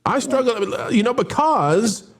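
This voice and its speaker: A man's voice: very high voice, lively intonation, a little slow, husky. A man hosting a casual movie review chat, opening with showman-style greetings and rambling with restarts. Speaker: host.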